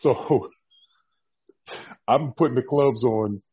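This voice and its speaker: A man telling a long story in a casual interview, animated and acting out what people said. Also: medium pitch, very slow, breathy edge, highs cut off. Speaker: guest, former wrestler.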